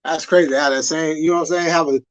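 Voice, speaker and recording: A man's voice: on the high side, steady tone, fast, dry recording. A man hosting a livestream, chatting with viewers in a loose, rambling way full of cursing. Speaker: livestream host. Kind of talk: casual livestream chat.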